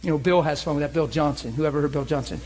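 A man in his forties, a preacher telling hunting stories in a lively, laughing sermon style. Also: fairly high pitch, quick pace. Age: 40s. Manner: animated, laughing storyteller. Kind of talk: sermon storytelling.

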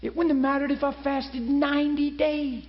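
A man with a high voice preaching and sharing testimony, animated and emphatic, dropping from loud bursts to hushed asides. The recording is dull and lo-fi. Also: normal speed. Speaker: preacher teaching a class. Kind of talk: personal testimony in a sermon.

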